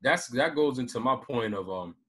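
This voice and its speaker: Blunt man with a bright husky voice. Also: mid-range voice, expressive, normal speed. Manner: blunt, street slang. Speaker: podcast co-host. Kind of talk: casual podcast discussion.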